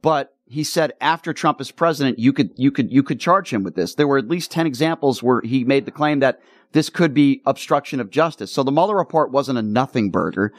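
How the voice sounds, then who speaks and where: A man's voice: medium pitch, expressive, fairly quick, no room sound. Emphatic male talk radio host. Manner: emphatic, argumentative, punchy.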